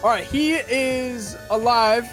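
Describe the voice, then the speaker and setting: A man's voice: very high-pitched, slow, music in the background. A man running a tabletop game as dungeon master, narrating rooms and combat with playful asides.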